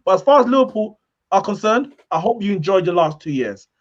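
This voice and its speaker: High-voiced man mocking a rival club. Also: lively intonation, brisk. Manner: mocking, argumentative. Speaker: football fan panelist. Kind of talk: heated football fan chat. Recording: slightly dull sound.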